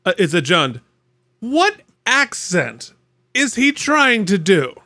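A man co-hosting a podcast, chatting casually with animated, joking asides. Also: high voice, takes it slowly, dry recording. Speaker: podcast co-host. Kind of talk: casual chat reacting to a TV show.

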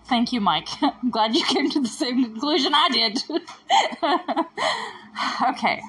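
Chatty husky-voiced woman podcaster. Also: sits high, animated, slow, a bit bright, low-quality recording. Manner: chatty and exasperated, laughs often, goes off on tangents. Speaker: podcast host. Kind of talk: casual episode recap podcast.

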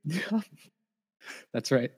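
A man co-hosting a casual podcast chat, easygoing and quick to agree. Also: a little mellow. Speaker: podcast co-host.

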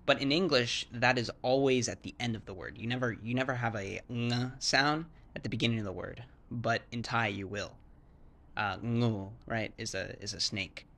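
A man's voice: medium pitch, moderate pace, a bit bright. A man casually explaining language sounds in a rambling way, full of "like"s, restarts and demonstrations. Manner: rambling, filler-heavy, with many "like"s and restarts; acts out word sounds to demonstrate. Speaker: English-speaking foreigner explaining Thai sounds. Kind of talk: casual chat.

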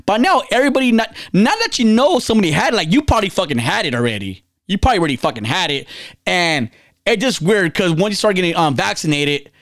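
A man's voice: high voice, big pitch swings, fast, a bit bright, dry recording, clean studio sound. A man co-hosting a podcast, rambling in casual chat, cursing often and restarting his sentences. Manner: rambling, profane, talks over himself with restarts. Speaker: podcast co-host.

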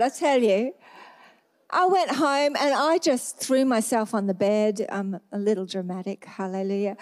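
A woman preacher giving a sermon testimony, acting out her own past prayers in lively storytelling. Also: a little high.

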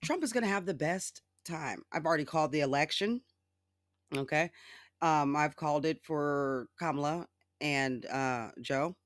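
A podcast host ranting casually about politics alone, sarcastic and profane, laughing often and mimicking others in exaggerated high voices. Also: measured pace, dry recording, clean studio sound. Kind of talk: casual solo political rant.

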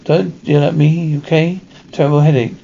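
A brisk, determined female reporter, as a man puts her on, sounding exasperated. The voice is slightly high and gravelly, on a dull lo-fi recording. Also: little pitch movement, warm tone, a little hiss or hum.

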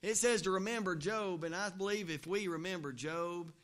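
A man's voice: high voice, normal speed, fairly bright tone. A male pastor, preaching a sermon in a folksy, conversational way with joking asides in a church. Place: church, also livestreamed.

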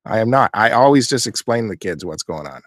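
A man's voice: fairly low pitch, sing-song, fast, no echo, clean studio sound. A man chatting casually on a podcast, ranting and teasing in an opinionated way. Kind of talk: casual chat.

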